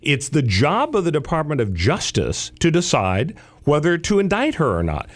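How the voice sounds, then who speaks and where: A man's voice: on the high side, wildly swooping pitch, normal speed. A man hosting a talk radio show, chatting in a rambling, wry way. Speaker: radio host.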